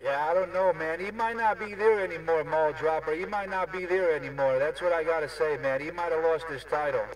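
A man chatting over CB radio, speaking in a drawn-out way full of radio jargon. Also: fairly high pitch. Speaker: CB radio operator. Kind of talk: casual CB radio chat with trucker lingo. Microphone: CB radio handset. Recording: distant radio voice with crowd noise.

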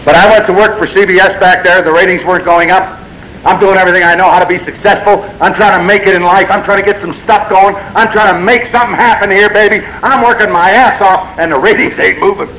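A man stands up at a recovery meeting and tells his own story, blunt and self-mocking, swinging between wry humor and exasperation. His voice is bright and sits a little high, with a faint hiss running under the recording. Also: steady tone, fast talker, poor audio. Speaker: AA speaker sharing his story. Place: meeting room.

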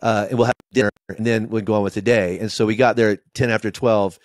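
Candid middle-aged pastor, halting and emotional. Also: male voice, fairly low pitch, steady tone, no echo. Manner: emotional, halting, with many restarts and quoted asides. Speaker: lead pastor. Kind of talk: candid podcast interview storytelling.

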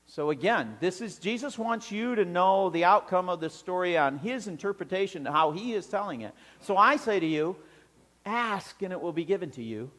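Animated preacher with lively pitch. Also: male voice, moderate pace, in a large hall. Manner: animated, acts out scenes with voices. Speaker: pastor. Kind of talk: sermon.

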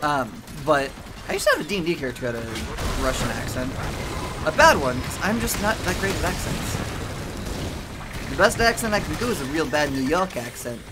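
A streamer rambling casually over gameplay, leaning heavily on "like" and restarting sentences. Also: male voice, fairly high pitch, very animated, moderate pace. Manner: rambling, heavy use of "like". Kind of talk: casual let's-play commentary. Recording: game music underneath.

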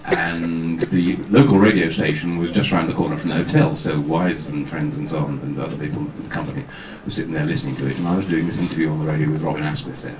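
A man, a guest actor at a fan convention, telling self-deprecating anecdotes on stage with halting restarts. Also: a bass voice, fairly even intonation. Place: large hall with audience. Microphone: far camera, amateur video. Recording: echoey hall from far off, noisy amateur video.

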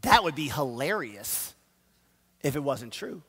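A man's voice: mid-range voice, very animated, a little slow, fairly bright tone, slightly rough. A man preaching a sermon as pastor, telling stories with self-deprecating asides and urging the congregation. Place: church sanctuary. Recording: long church hall reverb.

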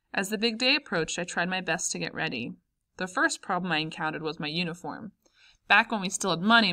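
A woman narrating a memoir audiobook in a calm, measured way. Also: on the low side. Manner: calm, measured, first-person memoir reading. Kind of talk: audiobook reading.

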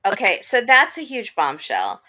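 A woman's voice: medium pitch, huge pitch swings, a little slow, sharp tone. A woman guest in a casual podcast chat, chatty and opinionated.

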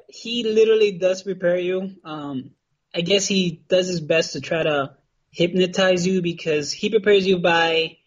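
Male guest with a fairly high voice, lively and laughing as he tells a story over dull, lo-fi audio. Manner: animated storyteller, laughs easily. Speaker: podcast guest. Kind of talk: casual storytelling in conversation. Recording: muffled lo-fi audio.

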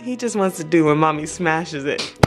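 A woman's voice: low-pitched, normal speed, music in the background. A woman in her twenties with a sing-song, coaxing manner, laughing often while she asks her toddler playful questions. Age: 20s. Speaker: vlogger interviewing her toddler. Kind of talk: playful casual chat.

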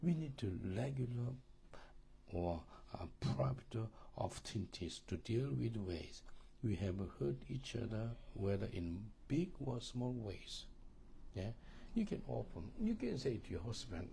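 A man teaching a church marriage course, earnest and halting, often repeating words and asking listeners if they understand. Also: lowish voice, very animated, gravelly, warm tone, a little hiss or hum.

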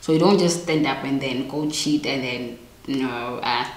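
A young woman with a low voice talks straight to her viewers, blunt and emphatic in a chatty advice vlog. The sound is roomy, with a clear echo off the walls. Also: a little slow. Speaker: vlogger giving relationship advice. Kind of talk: casual advice monologue to camera.

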